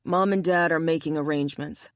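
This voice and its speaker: A woman's voice: low voice, fairly even intonation, fairly quick, dry recording, clean studio sound, close to an everyday voice. A woman voicing a big, protective male bear shifter in an audiobook, grumbling and dramatic.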